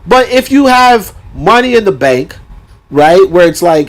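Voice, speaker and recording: Guy reading a book out loud, keeps stopping for sarcastic rants, kinda high voice. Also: normal speed. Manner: animated, sarcastic asides, many fillers. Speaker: host reading a book aloud. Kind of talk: reading a book aloud with commentary.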